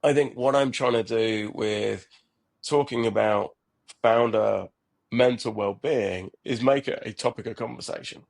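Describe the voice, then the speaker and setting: In a reflective, conversational podcast interview, a middle-aged startup founder speaks earnestly, often circling back to restart sentences and repeat words. His fairly low voice carries vocal fry, and his pace is a little slow.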